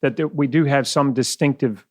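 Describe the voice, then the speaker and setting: A man's voice: mid-range voice, moderate pace, no room sound. Middle-aged kiwi guy with a bit of west indian in his accent, chatty guest telling stories, dry close mic. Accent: mixed New Zealand and West Indian. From New Zealand. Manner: chatty storyteller, laughs often. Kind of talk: casual podcast conversation.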